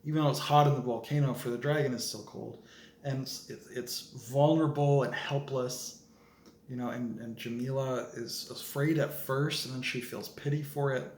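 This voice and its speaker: A male writer talks through his story in a casual, rambling way, full of uh and like. His voice sits at an ordinary pitch. The room is echoey, with a faint hiss behind him. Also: fairly even intonation, moderate pace, darkish tone. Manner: rambling, with many fillers. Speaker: fiction writer. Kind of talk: casual vlog explanation of a story.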